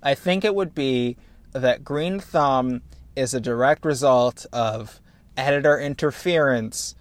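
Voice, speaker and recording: Dude hosting a podcast, rambly and self-mocking, super dry sound, middle pitch. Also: male voice, takes it slowly, no echo. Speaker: podcast host. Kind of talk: casual comedic chat.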